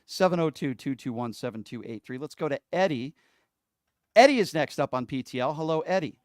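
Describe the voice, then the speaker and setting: Smooth, dry-voiced male radio host. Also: on the high side, expressive, fairly quick, darkish tone, no room sound. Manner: combative and sarcastic with a prank caller. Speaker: radio call-in show host. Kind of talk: call-in radio talk.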